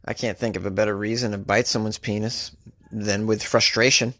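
Wry comedian hosting a news podcast. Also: male voice, flat delivery, a little fast, sharp tone, dry recording. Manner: wry, joking asides with sudden pitch jumps.

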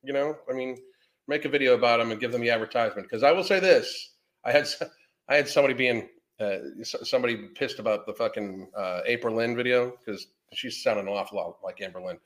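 A man's voice: medium pitch, fast. A man hosting a live podcast, rambling casually, swearing often and greeting chat viewers by name. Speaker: podcast host. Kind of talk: casual livestream commentary.

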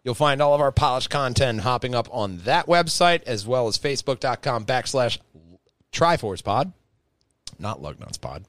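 A man hosting a podcast in casual chat, animated and swearing freely, with loud bursts when excited. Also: mid-range voice, normal speed, no room sound. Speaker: podcast host.

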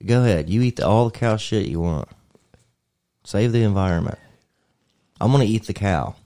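Super deep guy, swearing and joking around, rambly casual chat. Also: normal speed, warm tone.

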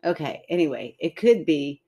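A woman's voice: low voice, expressive, normal speed, warm tone, slight background noise. A woman co-hosting a casual chat, reacting to stories in a playful, giggly, self-mocking way. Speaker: podcast co-host.

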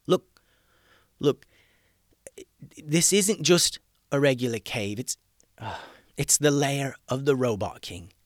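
A man's voice: mid-range voice, lively intonation, takes it slowly, long pauses, dry recording, studio quality, voice pushed up. A man voicing a flustered pet shop owner who rambles and repeats himself in a storybook reading. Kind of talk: storybook character voice.

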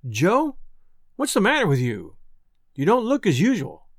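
A woman's voice: medium pitch, huge pitch swings, unhurried, no echo, clean studio sound, heavily acted. A man voicing a cheerful young village girl who speaks tenderly. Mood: concerned. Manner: bright, tender.

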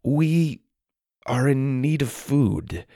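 An earnest young cadet boy who stumbles and hesitates over his words, as a male narrator plays him. He sounds a little higher and brighter than the reader's deep narrating voice. The recording is close and dry. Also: lively intonation, extremely slow, creaky, no room sound, full character voice.

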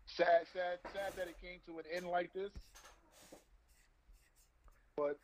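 A man's voice: high-pitched, flat delivery, slow, darkish tone, slight background noise, poor audio. A man co-hosting a casual sports podcast, laid-back and drawn out as he wraps up. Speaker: podcast co-host.

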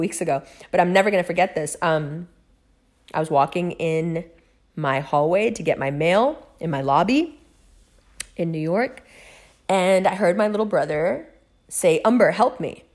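Profane, animated woman telling a story. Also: sits low. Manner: profane, animated, swings between loud excitement and hushed recounting. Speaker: vlogger. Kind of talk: casual storytelling monologue.

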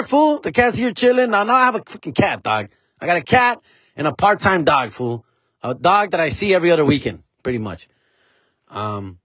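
A man's voice: mid-range voice, fairly bright tone, no room sound. A man, hosting a podcast and telling a story casually, dropping Spanish phrases and calling the listener "fool" and "dog". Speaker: podcast host.

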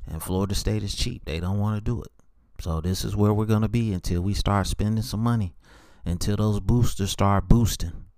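A man hosting a solo sports podcast, speaking in a dejected monotone with many halting fillers. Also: on the low side, dry recording, studio quality. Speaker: podcast host.

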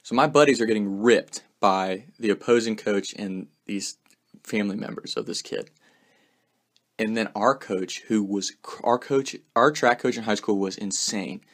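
A young man casually telling a story in a laid-back way, swearing freely and saying "like" often. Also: lowish voice. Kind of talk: casual anecdote.

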